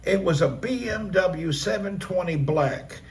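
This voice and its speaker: A middle-aged man on his live stream, telling a personal story with animated energy and acting out the action with vocal sound effects. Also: high voice, measured pace.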